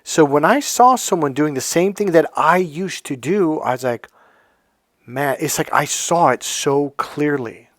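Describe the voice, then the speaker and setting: A man's voice: lively intonation, a little slow, no echo. Storytelling male life coach, dry sound. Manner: storytelling, acts out quoted exchanges with sudden high-pitched bursts. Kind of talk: casual motivational monologue.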